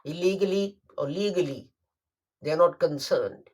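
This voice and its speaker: A man delivering a Friday sermon, emphatic and deliberate, repeating phrases for stress. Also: fairly high pitch, darkish tone. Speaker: preacher.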